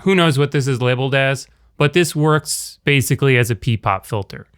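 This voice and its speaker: A man casually talking through a microphone review, rambling and correcting himself as he tests how it sounds up close and from further back in a quiet room. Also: mid-range voice, expressive, moderate pace, smooth. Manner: rambling, self-correcting, demonstrates by talking at different distances. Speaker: video creator reviewing a microphone. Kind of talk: casual gear demonstration. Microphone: shotgun mic on camera, near and far.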